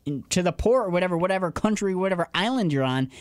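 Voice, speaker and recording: A young man co-hosting a casual podcast, playful and excitable as he argues his side. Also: sits high, quick pace, dry recording, clean studio sound. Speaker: podcast co-host. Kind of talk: casual debate chat.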